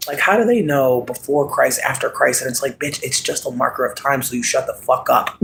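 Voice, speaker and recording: A man talks in a loose, rambling monologue, cursing freely and breaking into laughter. His voice sits at a middle pitch and swings from low, muttered asides to sudden loud shouts. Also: a little fast, gravelly, slight background noise, rough recording. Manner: animated, swings between murmur and yelling.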